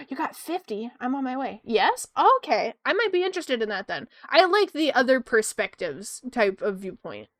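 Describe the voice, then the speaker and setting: A young woman chatting casually with her viewers while drawing on stream, excitable and quick to swear. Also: fairly high pitch, no room sound, clean studio sound. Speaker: art streamer.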